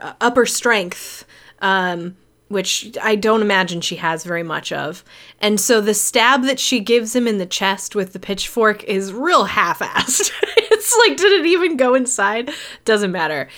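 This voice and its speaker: A woman's voice: on the high side, fairly bright tone. A woman casually recapping a horror film on a podcast, telling it with swearing and frequent giggles. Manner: profane, giggly storytelling. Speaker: podcast host.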